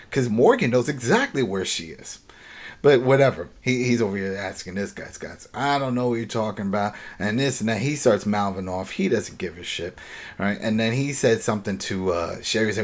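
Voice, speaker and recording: Male podcast host, husky voice, animated scene-by-scene recap that slips into the characters' lines. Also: medium pitch, fairly quick. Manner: animated retelling, acting out dialogue. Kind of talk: casual podcast chat.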